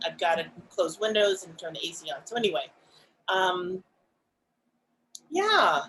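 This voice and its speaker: A woman co-hosting a podcast, talking in a reflective, casual way, soft-spoken and pausing often with fillers. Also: lowish voice, big pitch swings, slight background noise, poor audio. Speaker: podcast co-host.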